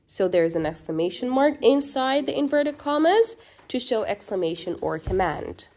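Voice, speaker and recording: In a recorded grammar class, a woman explains patiently and keeps checking in with her students. Her voice is on the high side, sing-song and a little mellow at a moderate pace, and she lifts it to act out quoted sentences.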